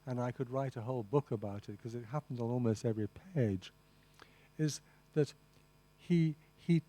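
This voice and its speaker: A man's voice: medium pitch, normal speed, mellow. A man lecturing at a master class on translation, enthusiastic and rambling, with many asides to the audience and "you see.". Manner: frequent restarts and "you see". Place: lecture room.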